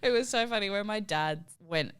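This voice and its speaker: A woman's voice: mid-range voice, lively intonation, normal speed, fairly bright tone, clear, resonant tone. A young woman, co-hosting a podcast and chatting casually, laughing often and saying "like" a lot. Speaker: podcast co-host. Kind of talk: casual chat. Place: podcast studio.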